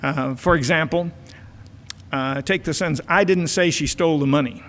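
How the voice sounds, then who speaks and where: Speaking at a normal speed in a slightly high, fairly bright voice, an older church elder who also counsels married couples offers a homespun family-life talk. He leans heavily on uhs and repeats words, and the church auditorium adds hall reverb to the recording.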